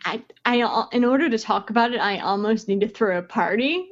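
A woman's voice: a little high, a little fast. Laughing woman chatting about games. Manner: laughs often, many ums and uhs. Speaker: podcast co-host. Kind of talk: casual chat about video games. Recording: dull lo-fi sound.

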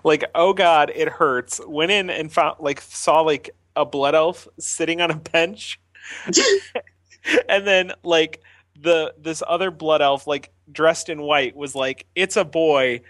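A man's voice: on the high side, slow pace, fairly bright tone, dry recording. A man co-hosting a podcast, telling a story with frequent giggles and fillers. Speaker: podcast co-host. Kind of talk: casual podcast chat.

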